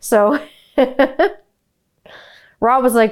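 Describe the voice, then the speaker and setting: A woman's voice: mid-range voice, moderate pace. A woman in her forties hosting a podcast, telling a family story in a casual, rambling way with lots of swearing and filler words. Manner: animated, profane, rambling with many "like" fillers. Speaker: podcast host.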